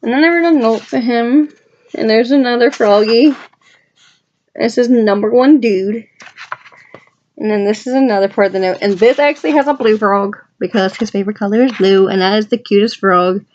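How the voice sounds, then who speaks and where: A woman's voice: fairly high pitch, moderate pace, a little mellow, dull audio, a little hiss or hum. A woman vlogger chatting casually and with enthusiasm as she flips through her journal, adding asides to her viewers. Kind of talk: casual rambling chat.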